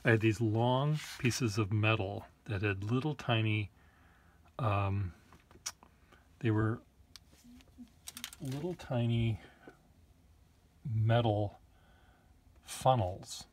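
A man's voice: on the low side, drawn-out words, long pauses, a little mellow, slight background noise. A man casually showing his collection of old pens, rambling with joking asides. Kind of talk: casual show-and-tell.

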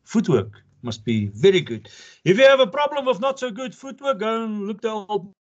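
An older man with a high, sing-song voice and a normal pace gives an informal lecture to pupils, full of anecdotes. He's an advocate, chatty, jokey and earnest, and he laughs often. The recording is dull and lo-fi.

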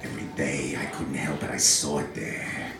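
A man doing an impression of a creepy older male actor, with halting, oddly stressed phrasing. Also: extremely low pitch, fairly even intonation, vocal fry, a bit bright, heavy reverb, soft background music, voice pushed down, full character voice.

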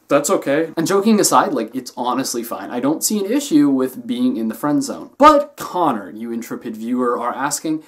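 A young man talking straight to camera on his own channel. His voice sits in a middle pitch range, and he keeps the delivery playful and animated, jumping from loud emphatic bursts to soft, muttered asides. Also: normal speed, hardly any pauses. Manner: animated, jokey, swings between loud and soft. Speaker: vlogger host. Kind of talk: casual talking-head vlog.

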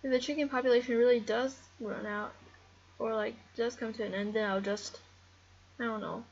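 Husky excitable woman narrating gameplay. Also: fairly high pitch, normal speed, lo-fi sound. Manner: excitable, rambling, talks to game animals. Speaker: gameplay commentator. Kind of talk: casual game commentary.

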